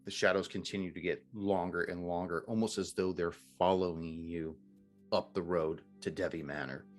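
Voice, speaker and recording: A low-pitched man narrating as game master, setting scenes at an unhurried pace. Soft music runs faintly underneath. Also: fairly even intonation.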